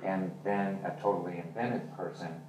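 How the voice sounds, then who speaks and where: A man's voice: sits low, steady tone, moderate pace, a little mellow. A male author and journalist chatting candidly about his novel, acting out the dialogue as he tells the story. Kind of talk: casual talk about his novel at a reading. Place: literary venue hall. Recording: roomy hall from far off, faint noise.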